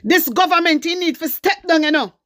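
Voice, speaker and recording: Emphatic high-voiced Jamaican woman vlogger. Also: a little fast, a bit bright, no room sound, clean studio sound. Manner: emphatic, repeats phrases for stress. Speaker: political vlogger. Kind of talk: heated political commentary vlog.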